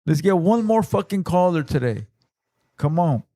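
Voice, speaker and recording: Hyped high-voiced LA podcast host. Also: male voice, lively intonation, moderate pace. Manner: loud, hyped, swears freely. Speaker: podcast host taking callers. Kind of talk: casual live-stream chat.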